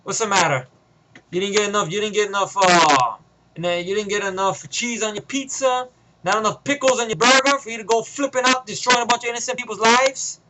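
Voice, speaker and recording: A man's voice: sits high, brisk, a crowd in the background, lightly acted, rough recording. A man voicing a profane ex-soldier heroine. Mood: taunting. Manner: menacing, swearing, interrogating. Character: tough female ex-soldier vigilante, cold and profane.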